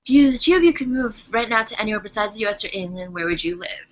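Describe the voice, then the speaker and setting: A woman's voice: medium pitch, expressive, fast. Chatty woman reading viewer questions. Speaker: co-host of live chat. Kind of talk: casual chat. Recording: dull lo-fi webcam audio.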